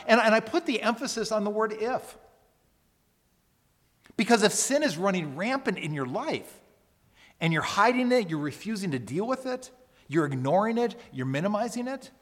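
A man's voice: sits high, sing-song, normal speed, pauses often. A man preaching a sermon as pastor, earnest and emphatic, often repeating words as he builds a point. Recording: long hall reverb.

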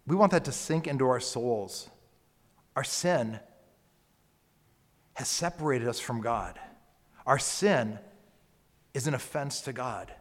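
In a church sanctuary with long, echoing hall reverb, a man of medium pitch preaches a sermon as a pastor. He speaks slowly and with emphasis, his voice falling almost to a whisper before swelling into loud calls.

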